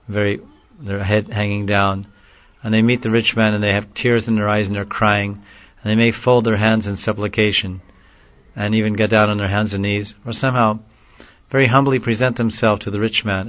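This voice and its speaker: A man delivers a devotional lecture in an earnest, unhurried way that turns pleading at moments. His voice sits low. The recording is dull and lo-fi. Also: little pitch movement, a bit bright. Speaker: preacher.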